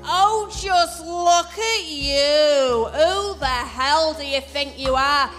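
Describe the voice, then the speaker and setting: A sneering English neighbor lady, as a woman storyteller puts her on, high-voiced and scornful. She jeers in a mocking tone, her voice carrying through a long, echoing hall. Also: slow, a bit bright, soft background music. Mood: jeering. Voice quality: jeering, sneering.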